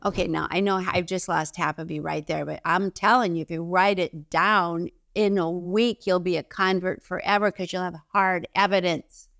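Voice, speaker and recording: A woman's voice: on the low side, fairly even intonation, moderate pace, creaky, few pauses, a bit bright, no echo, clean studio sound. A woman giving an instructional self-help talk to camera, emphatic, repeating key phrases and giving direct instructions. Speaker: intuition teacher.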